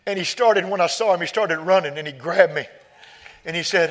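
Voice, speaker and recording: A pastor preaching a sermon, telling personal stories quietly and then rising to shouted climaxes. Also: male voice, high-pitched, brisk. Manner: swings from soft storytelling to loud shouted peaks.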